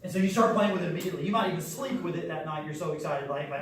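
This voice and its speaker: A man's voice: on the high side, very fast, a little hiss or hum. A man, a martial arts instructor, giving a playful call-and-response lesson to young children, coaxing them to repeat words. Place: large school room with children. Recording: echoey room recorded from far off with children behind.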